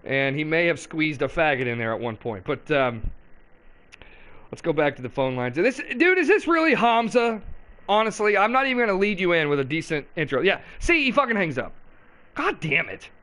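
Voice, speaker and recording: A man's voice: on the high side, big pitch swings, a little fast, bright, forceful tone. A man hosting a live call-in show, talking in a brash, profane and rambling way.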